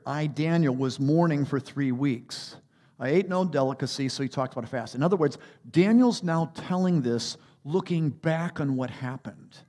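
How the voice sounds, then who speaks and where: A man preaching a sermon as a pastor, animated, rising to emphatic peaks and dropping to quiet asides. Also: medium pitch, breathy edge.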